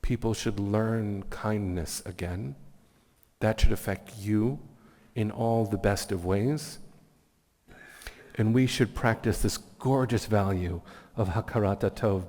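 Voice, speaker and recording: A man speaks as a rabbi delivering an earnest, reflective keynote in a fairly low voice. His words carry a long reverb from a large event hall. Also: measured pace, darkish tone. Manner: reflective, earnest, blessing-giving. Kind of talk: keynote sermon with storytelling.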